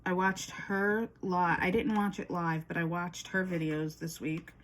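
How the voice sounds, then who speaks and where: Woman, casual craft vlog chat, rambling and chatty, low-pitched, laughs between thoughts. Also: steady tone, a little slow, a little hiss or hum. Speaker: crafting vlogger.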